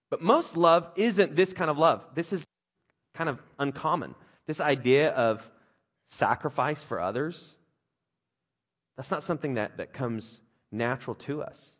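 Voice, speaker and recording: A man in his thirties delivers a casual, conversational sermon. His pitch leaps up and down as he jokes and mimics others, then settles back to plain teaching. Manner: animated, conversational, jokey, with playful voices for others. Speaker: pastor.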